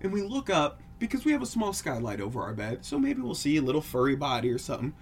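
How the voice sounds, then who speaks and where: Animated man telling a scary story. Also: on the high side, fast talker. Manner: animated, acts out creaks and drops to hushed tones. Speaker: podcast co-host. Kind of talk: casual storytelling chat.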